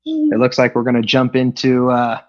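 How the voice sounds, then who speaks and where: Over a lo-fi video call, a middle-aged man from Los Angeles, California, tells his recovery story as a speaker at an AA meeting. He is wry and joking, acting out the voices of people he quotes. His medium-pitched voice swoops wildly in pitch at a normal speed.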